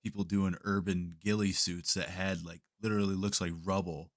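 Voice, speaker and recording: A man's voice: low-pitched, little pitch movement, normal speed. A man co-hosting a podcast in a laid-back, profane casual chat, chuckling between remarks. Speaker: podcast co-host.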